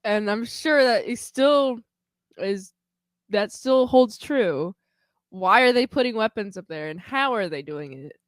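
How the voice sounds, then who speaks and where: Slow-talking woman rambling on a podcast. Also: mid-range voice, expressive, no room sound. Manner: rambling, hedging with many "like"s. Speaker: podcast co-host. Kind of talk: casual podcast chat.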